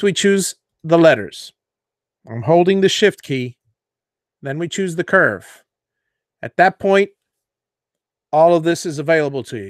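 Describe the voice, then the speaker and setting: A man hosting a live CNC tutorial, walking viewers through design software while thinking aloud, with fillers and self-corrections. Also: a little high, no room sound, clean studio sound. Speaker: host of a CNC woodworking show.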